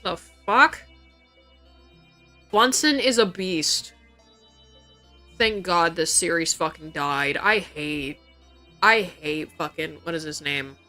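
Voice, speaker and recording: A woman's voice: on the low side, slow pace, pauses often, pushed and bright, soft background music. A young woman livestreamer chatting casually, swearing freely and reacting in disbelief as she reads things out. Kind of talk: casual chat.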